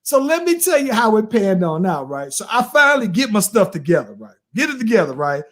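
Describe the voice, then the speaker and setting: A man in his late thirties, co-hosting a podcast and telling a story in an animated, slangy way, often tossing in "bro" and "right?". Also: sits high, brisk. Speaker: podcast co-host. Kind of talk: casual storytelling chat.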